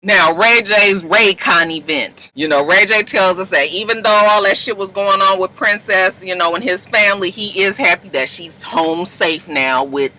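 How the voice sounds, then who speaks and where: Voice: medium pitch, moderate pace, hardly any pauses, bright, forceful tone, poor audio. A reviewer giving a comedic, profane recap of a reality show, laughing often.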